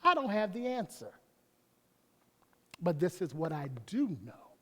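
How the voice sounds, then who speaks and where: A man's voice: high voice, very animated, measured pace. A man preaching a sermon as pastor, folksy, breaking off to talk to himself and to the congregation. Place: church sanctuary. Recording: long reverb of a church hall.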